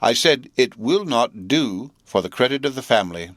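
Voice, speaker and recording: A man's voice: medium pitch, lively intonation, moderate pace, a bit bright, dry recording, natural voice. A man voicing a fussy, affected older woman relative who complains in a prim, indignant tone, in a dry-sounding storybook reading.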